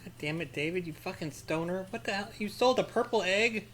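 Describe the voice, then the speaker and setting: A man's voice: high-pitched, fairly quick, a bit bright, slight background noise. A man giving rambling, profane let's-play commentary, full of crude jokes and sarcastic mock rants. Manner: mock-ranting with sarcastic asides. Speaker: gaming commentator.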